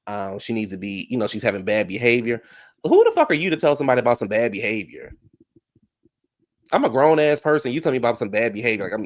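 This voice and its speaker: A man giving a sassy, gossipy casual recap of a reality show, talking back at the cast with a gravelly voice. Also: on the low side, no room sound, clean studio sound.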